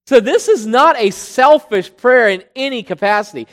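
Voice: mid-range voice, lively intonation, a bit bright. An emphatic preacher in a reverberant hall. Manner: emphatic, stretching key words slowly and then rushing ahead. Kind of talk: sermon teaching on scripture.

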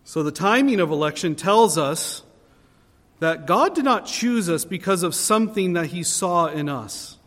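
A man with a high voice delivers an earnest sermon from the pulpit. He presses his key phrases with rising emphasis. His words carry a long reverb through a church sanctuary. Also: lively intonation, unhurried, a bit bright. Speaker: pastor.

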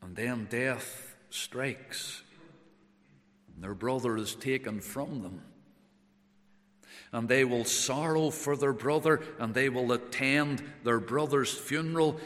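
A man preaching a sermon, moving between loud emphatic declarations and hushed tender passages, often repeating phrases for emphasis. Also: mid-range voice, slow. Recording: long hall reverb.

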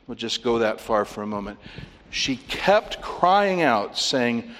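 A man preaching an expository sermon, working through his outline and acting out quoted lines with sudden loud cries. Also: mid-range voice, takes it slowly. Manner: animated, outline-driven, acts out quoted pleas loudly. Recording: long reverb of a church hall.

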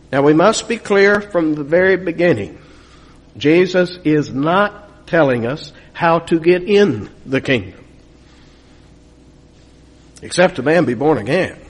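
A man preaching a sermon from the United States, earnest and building to emphatic peaks, often repeating words as he goes. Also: a little high.

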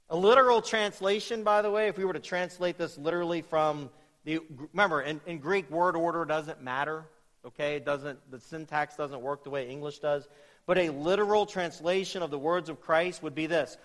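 A man with a notably high voice delivers an expository sermon, pressing hard on his key points. The sound carries a long reverb, as in a large church sanctuary. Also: moderate pace. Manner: emphatic, rising to loud peaks on key points. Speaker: pastor.

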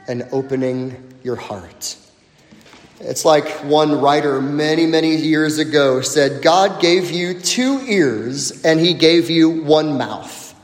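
A man preaching a sermon as pastor, emphatic, with dramatic pauses and sudden drops to a near-whisper. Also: sits high. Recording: echoey hall, long reverb.

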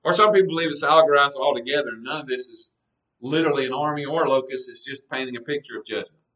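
An earnest male pastor teaching through a sermon, talking conversationally and leaning hard on key words as he reads scripture. His voice is bright and forceful. It comes from some distance off the mic. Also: medium pitch, fast talker.

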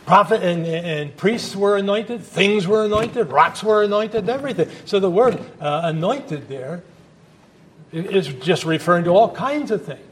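A man's voice: high-pitched, expressive, moderate pace, slight background noise. A male pastor preaching a sermon at a church service in a conversational, emphatic way, with asides to the congregation.

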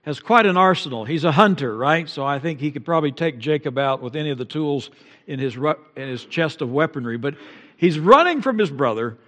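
A middle-aged male pastor delivers a sermon, his speaking voice sitting a little higher than most men's. He drops to near-hushed passages, then climbs to loud, emotive peaks. Each phrase trails off into the long reverb of a large church hall. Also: animated, fairly quick.

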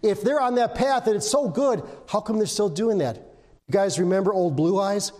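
Older preacher, high voice in a big hall. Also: male voice, normal speed, darkish tone. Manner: conversational, asks the congregation questions, hums and sings snippets. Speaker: pastor. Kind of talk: informal sermon.

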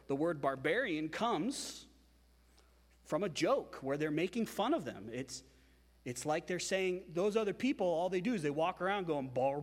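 Guy preaching a sermon, super animated, repeats himself for emphasis, big echoey church. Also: fairly high pitch. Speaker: pastor.

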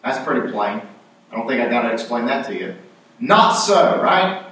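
A man's voice: mid-range voice, sing-song, normal speed, fairly bright tone. Echoey, distant man preaching a sermon. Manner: conversational preaching, acting out quoted lines with rising emphasis.

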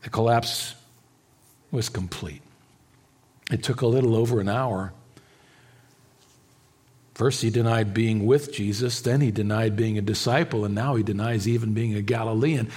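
A man preaching an expository sermon, swinging between hushed, quiet stretches and emphatic, raised passages, with halting restarts and repeated words. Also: fairly low pitch, fairly even intonation, husky. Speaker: pastor.

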